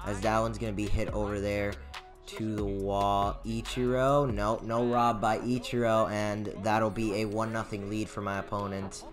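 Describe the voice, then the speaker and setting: A young man with a lowish voice talks through a baseball video game match in a loose, chatty way. He drops to quiet mutters, then jumps up in pitch and volume when a play goes his way or against him. Faint game music plays underneath. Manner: excitable, swings from mumbled asides to loud outbursts. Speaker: gaming YouTuber. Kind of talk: casual gameplay commentary.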